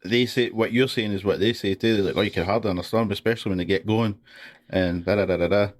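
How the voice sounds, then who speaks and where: A man's voice: lowish voice, fairly even intonation, fast. A Scottish man co-hosting a casual sports podcast, talking in a laid-back, hesitant way with many fillers. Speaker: podcast co-host.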